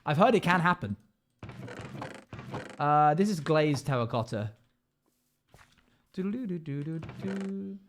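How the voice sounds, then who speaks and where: Slightly high and sing-song, this man's voice is unhurried, with long pauses and a little background noise. In a casual live stream of a game, he reads viewer comments aloud, chats with them, and hums tuneless little tunes and scats as he builds.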